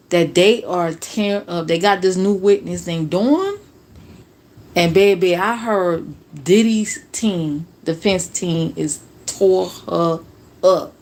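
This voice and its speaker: A woman from New Jersey hosting a casual reaction livestream, talking to viewers in a sarcastic, profane way. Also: lowish voice.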